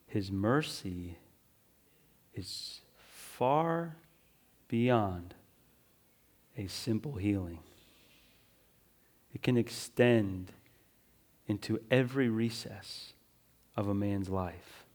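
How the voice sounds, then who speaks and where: A male pastor preaching a sermon, moving between urgent emphasis and quiet, drawn-out phrases, often checking in with listeners. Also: on the low side, lively intonation. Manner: swings from loud and urgent to hushed and slow, with frequent "right?" asides.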